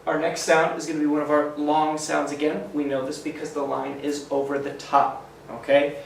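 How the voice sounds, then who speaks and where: A male teacher giving a phonics lesson to children, sounding out letters slowly and encouragingly. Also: on the high side, completely flat delivery, vocal fry, slight background noise. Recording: echoey room, mic at a distance.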